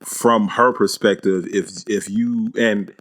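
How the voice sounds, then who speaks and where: A young man co-hosting a podcast in easygoing chat, agreeing and reasoning things through calmly. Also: on the low side, slow pace. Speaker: podcast co-host. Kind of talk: casual chat.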